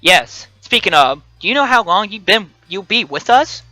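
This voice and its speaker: Animated young man reading a game aloud. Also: sits high, moderate pace, no echo, soft background music, rough recording. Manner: joking, reads with playful asides. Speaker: let's play host.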